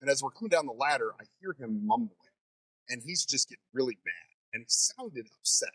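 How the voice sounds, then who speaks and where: Man, fire training instructor, animated storytelling, mid-pitched voice, dry recording. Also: a little fast, no echo, rough recording. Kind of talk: casual interview.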